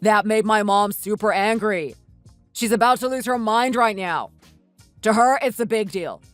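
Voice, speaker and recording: A woman voicing an impatient young husband in a voiced texting story, dropping her voice lower and speaking curtly. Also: normal speed, dry recording, faint music behind, natural voice. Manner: lowered voice, curt and scolding.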